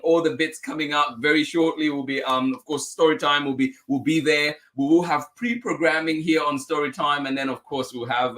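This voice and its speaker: A man hosting a children's story time reads a picture book aloud and chats upbeat with viewers, often laughing and thanking them. His voice is medium-pitched and a bit bright.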